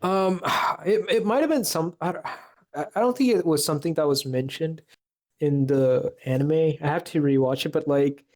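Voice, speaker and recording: A man co-hosting a casual podcast chat, his voice warm and mellow. He talks hesitantly, circling back with fillers and restarts as he works through his point. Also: on the high side, moderate pace. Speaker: podcast co-host.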